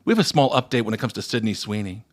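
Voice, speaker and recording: A man's voice: lowish voice, racing. A man co-hosting a comedy news podcast, joking in a theatrical way as he talks through the week's stories. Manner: joking, theatrical, often puts on voices when reading quotes. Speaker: podcast co-host. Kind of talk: casual comedic news chat.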